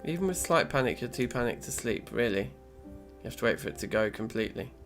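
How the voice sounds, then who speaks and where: A man's voice: mid-range voice, expressive, brisk, fairly bright tone, faint music behind. A man narrating his game session as a let's play host, chatty and self-mocking, thinking aloud as he plays. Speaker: gaming channel host.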